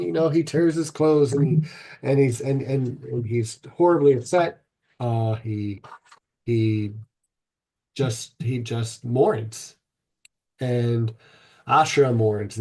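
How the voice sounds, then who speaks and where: A man hosting a podcast, retelling an ancient myth in a rambling, irreverent way, swearing and filling pauses with ums. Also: medium pitch, a little mellow. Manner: rambling, irreverent, profane, many fillers. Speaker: podcast host.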